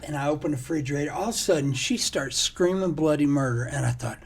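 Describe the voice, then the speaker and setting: Husky, animated male storyteller. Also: a little high, fast talker, few pauses. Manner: animated storyteller, laughs often. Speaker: podcast co-host. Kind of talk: casual chat.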